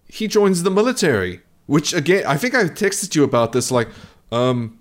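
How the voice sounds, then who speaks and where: A man's voice: a little high, sing-song, normal speed. A man co-hosting a casual podcast chat, wry and bemused, rambling a bit. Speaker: podcast co-host.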